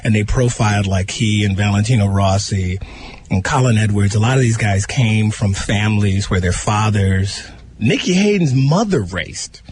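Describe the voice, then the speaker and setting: A man's voice: on the low side, normal speed, slightly rough. A man who is a comedian guest, telling stories and joking in casual radio banter. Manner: animated, laughing, storytelling.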